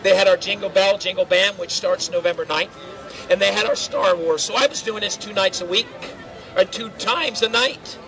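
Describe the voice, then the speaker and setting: Brief: middle-aged man, high-ish voice, loud and joking pre-show crowd warm-up, outdoors, handheld amplifier. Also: moderate pace, rough recording. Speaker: theme park crowd-control cast member. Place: outdoors at a theme park show area.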